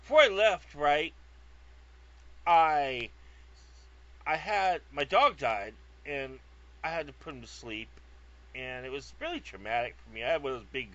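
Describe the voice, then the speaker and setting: A man's voice: on the high side, lively intonation, unhurried, pauses often, a bit bright. A man from California telling a rambling, comic story, digressive, profane and self-mocking, recorded on a lo-fi track. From California, USA. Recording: lo-fi dull sound.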